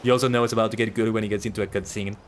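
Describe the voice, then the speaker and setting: A man streaming a video game live, reacting with frequent laughter and excited swearing. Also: on the low side, racing, a little hiss or hum.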